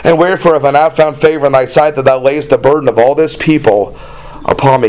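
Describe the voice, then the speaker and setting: A man delivers a sermon in a plain, folksy way and slips in imagined dialogue. His voice sits at an ordinary middle pitch. When he reads scripture aloud, he raises his voice and grows more animated. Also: fast talker. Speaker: preacher.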